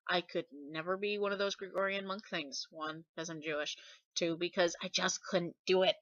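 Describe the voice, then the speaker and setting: A woman's voice: on the low side, fairly even intonation, normal speed, a bit bright, no room sound. A woman vlogger chatting casually and rambling, with asides and fillers. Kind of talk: casual chat. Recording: dull lo-fi dry recording.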